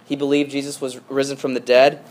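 A man's voice: medium pitch, little pitch movement, fairly quick, darkish tone. A male pastor giving a sermon in a conversational storytelling manner, with frequent asides and restarts.

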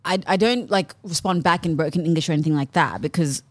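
A woman's voice: sits low, fast, no room sound. A woman co-hosting a casual podcast, emphatically explaining her view at length. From Australia. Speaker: podcast co-host.

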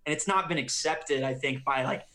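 A man co-hosts a casual podcast in a bright, slightly high voice with an eager edge. He fills his sentences with "like" as he thinks out loud. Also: brisk. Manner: enthusiastic, filler-heavy "like". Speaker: podcast co-host. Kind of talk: casual chat.

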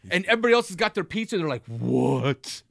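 A man with a slightly high, very lively voice spins a comic story in casual chat, jumping into the voices of the people in it. The sound is dry and close, with no room around him. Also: fast, gravelly, dry recording. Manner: animated storytelling, acting out quotes. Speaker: storyteller on a comedy podcast.

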